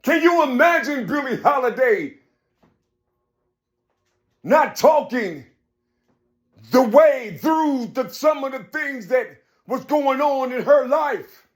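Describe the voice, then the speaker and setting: A man rambles through a personal monologue, repeating "you see" again and again as he stumbles and starts over. His delivery is slow and expressive, full of pauses, shifting from quiet murmurs to loud, emphatic outbursts.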